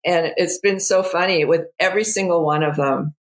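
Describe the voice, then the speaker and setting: A woman's voice: lowish voice, moderate pace, low-quality recording. A woman, a guest falconer, chiming in and finishing stories in a podcast conversation.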